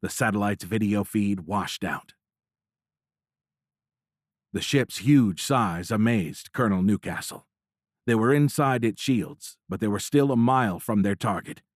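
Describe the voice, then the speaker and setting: A man narrating a military thriller audiobook in a measured, dramatic reading, recorded close. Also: lowish voice, no echo. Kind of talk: scripted narration. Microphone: close studio mic.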